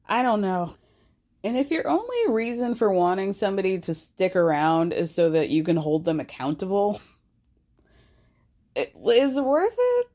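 A woman's voice: mid-range voice, big pitch swings, moderate pace, dark tone. A woman hosting a casual chat, recapping with sarcasm and frequent laughter. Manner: sarcastic, laughs often, acts out quotes. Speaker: podcast host recapping a reality show. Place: outdoors in a city, passersby watching.

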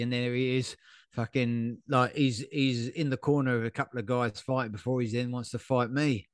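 A man's voice: mid-range voice, fairly even intonation, normal speed, no room sound, studio quality. A man, a podcast co-host, telling a fight story in casual chat, blunt and swearing freely. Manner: blunt, swears freely, acts out quotes with energy.

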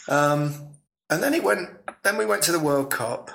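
Gravelly English man telling stories. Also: fairly high pitch, expressive, normal speed, a bit bright, a little hiss or hum, poor audio. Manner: chatty, laughs while telling stories. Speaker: guest, former footballer. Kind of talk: relaxed anecdotal storytelling.

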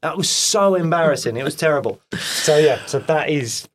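A man chatting casually as a guest actor, telling animated stories with lots of fillers and "mate". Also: on the high side, moderate pace. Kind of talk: casual chat.

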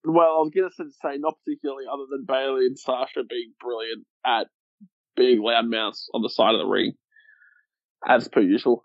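A man's voice: medium pitch, no room sound. A man co-hosts a podcast with casual enthusiasm and the odd swear word. The recording sounds dull and dry, as if taken on a modest home mic. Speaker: podcast co-host. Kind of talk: casual wrestling chat.

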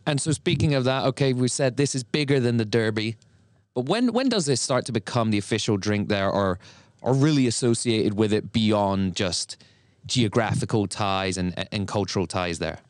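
A man's voice: on the low side, normal speed, dry recording. A man hosting a podcast, asking thoughtful follow-up questions in a casual conversation. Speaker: podcast host.

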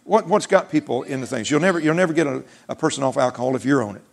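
A man's voice: medium pitch, racing, vocal fry. A man preaching a sermon in an emphatic, repetitive way, mixing in folksy humor.

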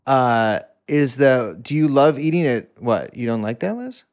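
Jokey, lively male podcast host. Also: mid-range voice, a little slow. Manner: jokey, teasing, playful. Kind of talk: casual chat.

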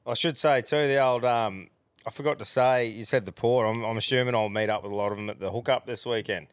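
A man's voice: mid-range voice, fairly quick, clean tone, dry recording, clean studio sound. An Australian man co-hosting a podcast in casual, laid-back chat full of swearing. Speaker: podcast co-host.

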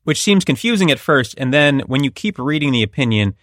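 His pitch is medium but swings widely, and he talks a little fast with a fairly bright tone. The man, a podcast host, gives a wry, conversational take on a court ruling in a legal analysis chat, captured in clean studio sound with no room sound.

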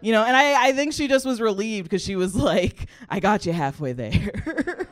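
Woman comedian, young adult, comedic storytelling, animated and chatty, smooth resonant voice. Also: mid-range voice, normal speed. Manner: animated, chatty, often laughing, frequent "like" fillers.

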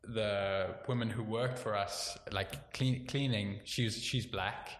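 A man's voice: on the low side, fairly even intonation, a bit bright. Rambling South African man in his twenties. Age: 20s. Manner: rambling, filler-heavy, quick to laugh. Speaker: comedian guest. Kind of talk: casual podcast chat. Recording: echoey room, faint background noise.

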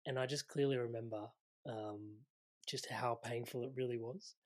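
A man's voice: medium pitch, steady tone, moderate pace, a little mellow. A man hosting a podcast, sharing his own story in a reflective, casual way and laughing now and then while speaking. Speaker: podcast host. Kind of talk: casual conversational interview.

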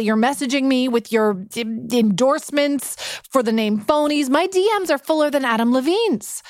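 A woman's voice: fairly high pitch, a little mellow, dry recording, clean studio sound. A woman hosting a podcast in a playful, bubbly, joking way. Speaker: podcast host. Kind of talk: casual podcast chat.

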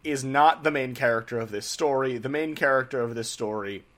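A man's voice: mid-range voice, brisk, a bit bright. A young man in his twenties hosts a podcast and tells a history story casually. He jokes constantly and swears freely as he talks. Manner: irreverent, profane, joking. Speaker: podcast host.

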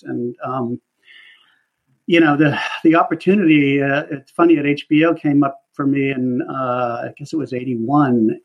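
A man working in market research, telling career stories in a relaxed interview, chatty and full of fillers. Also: fairly high pitch. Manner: chatty, animated storytelling with laughs and many fillers. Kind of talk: casual interview conversation. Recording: dull lo-fi audio.

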